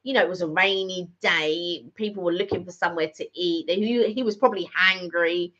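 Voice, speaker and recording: A middle-aged woman with a fairly low, slightly bright voice talks a little fast while co-hosting a vlog. Her casual chat rambles with lots of fillers and restarts, and the lo-fi recording sounds slightly dull.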